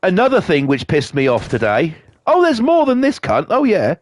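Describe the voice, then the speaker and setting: A man's voice: huge pitch swings, moderate pace. A man streaming to a live chat, ranting angrily and swearing a lot, coughing now and then. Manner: angry, sweary rant with big pitch swings.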